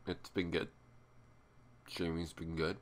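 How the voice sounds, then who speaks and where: A man's voice: sits low, level tone, takes it slowly. A tired young man talking casually to his viewers, rambling and self-mocking with sighs and groans. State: tired and drowsy. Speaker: YouTuber. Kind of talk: casual vlog talk to camera.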